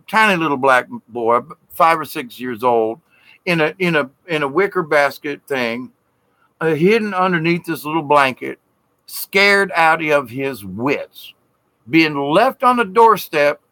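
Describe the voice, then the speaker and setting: A man with a Southern US drawl tells a ghost story in a loose, rambling way. He keeps saying "he said" and drags out words for suspense. His voice is bright and forward, and it is recorded close and dry with no room echo. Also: mid-range voice. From Southern United States. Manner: rambling, repeats "he said", drawn-out dramatic pauses. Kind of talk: casual spoken ghost story.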